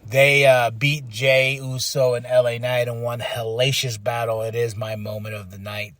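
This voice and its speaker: A man hosting his own podcast, giving an animated solo recap, acting out quotes and breaking into excited shouts. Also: medium pitch, normal speed, no room sound, clean studio sound. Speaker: podcast host reviewing wrestling.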